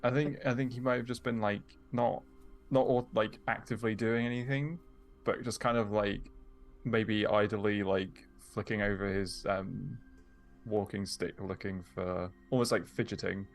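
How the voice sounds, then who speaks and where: A lowish, gravelly male voice answers hesitantly, stumbling and repeating himself as he plays a tabletop game. Faint music runs in the background. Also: steady tone, moderate pace. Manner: hesitant, stammering. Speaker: player. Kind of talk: casual tabletop play.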